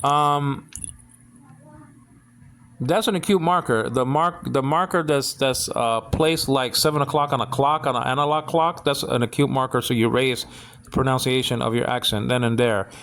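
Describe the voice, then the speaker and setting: A man giving a casual Bible Greek lesson, halting and full of restarts, often checking that listeners follow. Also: mid-range voice, fairly even intonation, a bit bright. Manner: keeps asking "you understand what I'm saying?".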